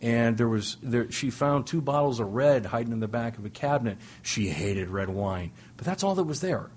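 A man's voice: medium pitch, expressive, moderate pace, a little mellow, slight background noise. A middle-aged man telling a humorous personal story to a recovery meeting, self-deprecating and full of restarts and asides. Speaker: speaker sharing at a recovery meeting.

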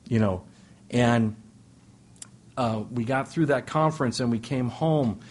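A man's voice: medium pitch, a little slow, a little mellow, slightly rough. A middle-aged man telling a humorous personal story to a recovery meeting, self-deprecating and full of restarts and asides. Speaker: speaker sharing at a recovery meeting.

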